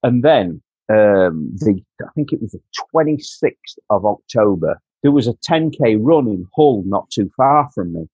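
A man's voice: fairly low pitch, lively intonation, measured pace, hardly any pauses, warm tone, slightly rough, dry recording, dull audio. A man from Doncaster with a Yorkshire accent, telling his story as a podcast guest earnestly, repeating himself and calling the host mate. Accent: Yorkshire English. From Doncaster, England. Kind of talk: candid personal storytelling.

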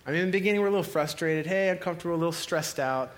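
A male pastor preaching a sermon, animated, swinging between loud cries to God and quiet, low passages. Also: racing.

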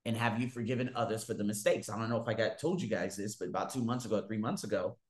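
A man telling stories to his viewers in a casual monologue, swearing freely and swinging widely in pitch and loudness. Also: fast talker. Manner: profane, animated, big swings in pitch and loudness. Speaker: vlogger. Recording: echoey room.

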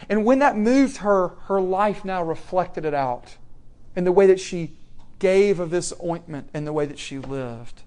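A young man preaching a sermon, swinging from loud, emphatic questions to soft, hushed warnings. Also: high voice, animated, slow pace.

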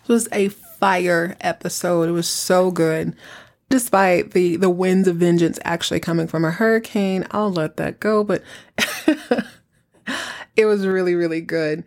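A woman hosting a podcast, casually recapping a TV episode in an animated, emphatic storytelling manner. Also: fairly low pitch, a little slow. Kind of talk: casual chat.

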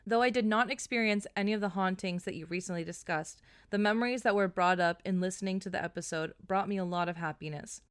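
A woman's voice: on the low side, smooth, dry recording. A woman co-hosting a podcast, reading a listener's story aloud and breaking into laughter as she goes. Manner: laughs often, breaks up mid-sentence while reading. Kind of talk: casual chat and story reading.

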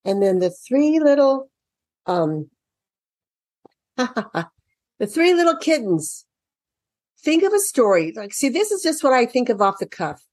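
A woman's voice: a little high, sing-song, moderate pace, a little mellow, dry recording. A woman walking parents through children's reading workbooks in a chatty, thinking-aloud way, turning sing-song when she reads to children, speaking into a computer mic during an online share. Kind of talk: casual instructional walkthrough. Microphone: computer mic during an online screen share.

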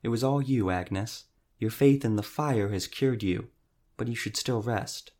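A man reading an audiobook, voicing a soft-spoken, impassive male cleric. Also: mid-range voice, measured pace, lightly acted. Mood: calm. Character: calm, fervent male cleric.

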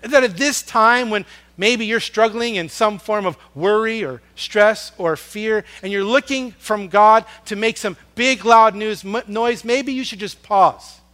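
A man preaching a sermon, earnest and storytelling, swinging from loud emphasis down to a hush on soft words. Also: sits high, measured pace. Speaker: pastor.

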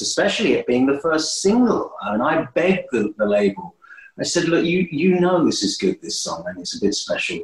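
A man guesting on an interview, telling stories in a lively, animated way with many restarts. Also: moderate pace. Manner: animated, swooping pitch, frequent restarts. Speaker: guest musician. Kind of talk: casual interview storytelling. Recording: roomy echo.

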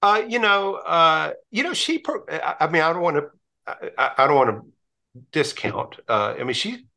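A man's voice: a little high, lively intonation, normal speed, gravelly, sharp tone. A middle-aged man, a priest and guest, telling stories in casual conversation with frequent restarts. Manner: chatty storyteller, many restarts and laughs.

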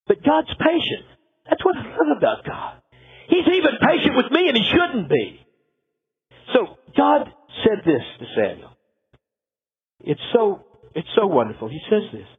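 A man's voice: high voice, sing-song, normal speed, breathy edge. A man pastor preaching a sermon, telling a biblical story with dramatic flair and acting out the characters. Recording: tinny phone-like sound.

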